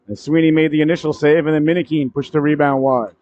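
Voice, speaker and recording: A man calling a high school hockey game play-by-play, cracking jokes between plays and shouting on goals. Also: quick pace, few pauses. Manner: jokey asides, rises sharply to shouts on goals. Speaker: play-by-play commentator. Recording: dry, dull lo-fi broadcast audio.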